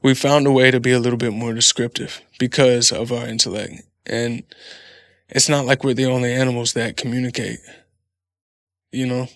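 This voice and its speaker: Gravelly, profane man musing aloud. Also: mid-range voice, fairly bright tone, dry recording, clean studio sound. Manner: profane, laughing, rambling storyteller. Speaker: podcast host. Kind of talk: casual solo podcast monologue.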